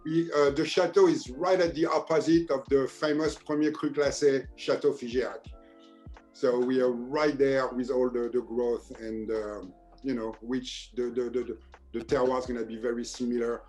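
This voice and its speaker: A man's voice: mid-range voice, steady tone, moderate pace, darkish tone, soft background music. A man with a French accent, a wine merchant guest, giving facts hesitantly with many fillers. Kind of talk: casual chat on a video tasting.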